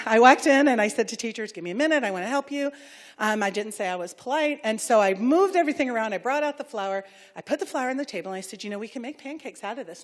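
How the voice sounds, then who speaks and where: A woman giving a talk as a preschool director, telling a story and acting out the voices of the people she quotes. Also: on the high side. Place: public hall.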